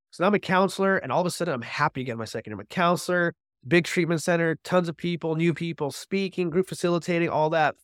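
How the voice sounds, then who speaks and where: A man's voice: on the high side, a bit bright, no echo, clean studio sound. A man guesting on a podcast, telling his personal recovery story in an earnest, heartfelt way, with many casual fillers.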